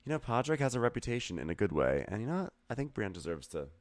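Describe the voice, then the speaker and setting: A man with a very low voice chats through a recap, rambling and full of fillers. The sound is dry and close. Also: big pitch swings, fast, dry recording. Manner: rambling, filler-heavy, acts out quotes in a falsetto. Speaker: podcast co-host. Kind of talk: casual recap chat.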